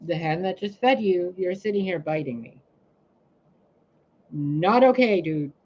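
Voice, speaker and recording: With a lowish voice at a measured pace, a woman who does spiritual readings and healing goes on a blunt, cursing rant during her live stream. She's animated and mimics other people's lines, while the audio has its high frequencies cut off.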